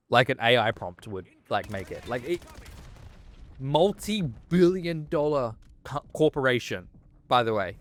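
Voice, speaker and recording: A man, ranting casually about a game with lots of swearing and restarts. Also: medium pitch. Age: 20s. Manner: heated, swearing, rambling with frequent restarts. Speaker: gaming vlogger.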